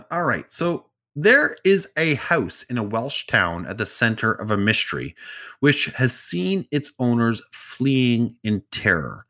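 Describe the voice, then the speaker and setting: A man's voice: mid-range voice, big pitch swings, slow, sharp tone. A man co-hosting a podcast, casually retelling strange news stories with asides and jokes. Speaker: podcast co-host telling stories. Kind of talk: casual storytelling chat.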